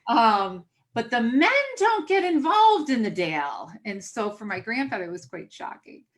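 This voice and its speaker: A woman hosting a podcast, telling a family story in a casual, animated way, acting out the voices she quotes and laughing often. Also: a little high, moderate pace. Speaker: podcast host.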